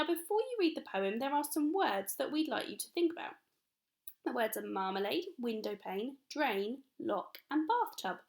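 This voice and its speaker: Upbeat English woman teaching young children. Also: high voice. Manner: upbeat, encouraging, speaks slowly and clearly to children. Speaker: primary school teacher. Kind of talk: recorded home-learning lesson for young children.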